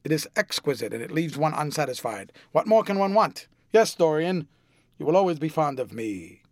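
A languid, witty gentleman of leisure who tosses off cynical epigrams in an airy, amused drawl, as a male narrator puts him on. His voice sits a little high and is heard close and dry, with no room sound, in an audiobook. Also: big pitch swings, normal speed, no room sound. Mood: lively.

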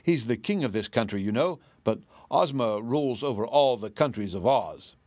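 A man lifts his voice into a plucky, self-assured little girl who explains things brightly and plainly. His pitch moves lively as he reads, close and dry. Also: moderate pace, no room sound, natural voice. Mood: earnest. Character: cheerful confident little girl.

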